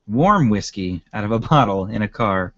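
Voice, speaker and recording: A man's voice: fairly low pitch, lively intonation, normal speed, no room sound, highs cut off. A man co-hosting a podcast in casual chat, rambling with lots of fillers and laughs. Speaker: podcast co-host.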